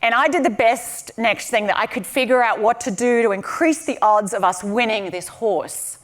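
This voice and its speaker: A woman's voice: a little high, normal speed. An Australian woman giving a keynote speech to a live audience, telling stories with humor and energy. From southern Australia. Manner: lively, humorous storytelling to an audience. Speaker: keynote speaker. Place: conference venue with a live audience.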